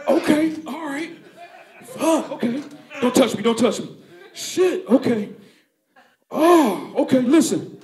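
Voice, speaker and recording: A man's voice: very high-pitched, expressive, takes it slowly, pauses often, echoey room, voice pushed up, heavily acted. A man acting out a grown man who fights the police and is then left dazed and moaning. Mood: dazed bliss. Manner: moaning, breathless, shouting.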